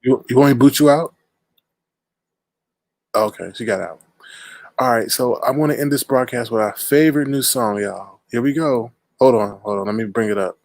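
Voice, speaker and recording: A man hosting a casual online chat show in a relaxed, drawling way, saying y'all. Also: medium pitch, normal speed, dry recording. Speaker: host.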